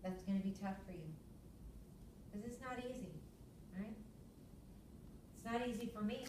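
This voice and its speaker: A middle-aged woman, teaching a yoga lecture to students as a lively storyteller. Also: moderate pace, noisy background. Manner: lively storyteller, acts out her own yelling in a high voice. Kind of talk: classroom lecture. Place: classroom. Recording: echoey room, far from the mic.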